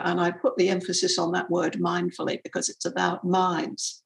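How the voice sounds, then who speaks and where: A woman's voice: medium pitch, flat delivery, brisk, gravelly, few pauses, poor audio. A woman interviewer giving an enthusiastic, prepared introduction of a guest author. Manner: enthusiastic, warmly admiring.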